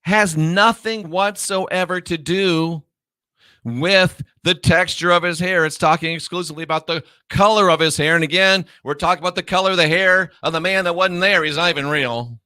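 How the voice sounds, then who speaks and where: A man hosting his own online show, delivering a scornful, lecturing monologue and stretching key words out slowly for emphasis. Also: high voice, sharp tone, clean tone, no echo, clean studio sound.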